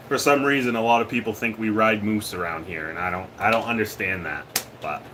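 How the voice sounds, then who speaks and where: A man's voice: lowish voice, sharp tone, a little hiss or hum. A man from Maine, hosting a casual livestream chat, joking and laughing often and letting his sentences trail off. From Maine, USA. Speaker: livestream host. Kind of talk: casual live chat with viewers.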